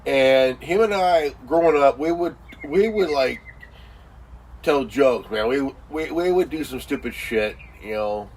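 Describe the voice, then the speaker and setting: A man's voice: medium pitch, lively intonation, a little slow, a little mellow, recorded from a distance, rough recording. A man ranting casually with heavy swearing, repeating himself and leaning on fillers like "you know" and "man". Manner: crude, swearing, insulting. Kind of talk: profane casual rant.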